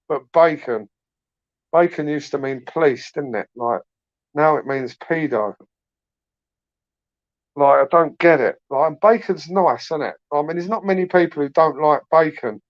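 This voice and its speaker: A man's voice: medium pitch, no room sound, muffled recording. Rambling British man on a live stream. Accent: British English. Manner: rambling, slangy, swears freely, asks tag questions. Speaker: YouTube channel host. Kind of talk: late-night live stream chat.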